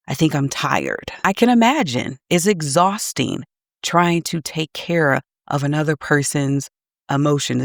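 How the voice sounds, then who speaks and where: A woman's voice: low-pitched, gravelly, no room sound, clean studio sound. A middle-aged woman and parenting coach giving earnest, reflective advice straight to camera.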